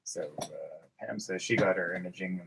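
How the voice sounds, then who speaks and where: A man acting as co-host, reading viewer comments out loud in a plain, easygoing way during a casual livestream. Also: low-pitched, steady tone, normal speed, gravelly, slightly rough, low-quality recording. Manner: relays chat messages in a plain, easygoing way.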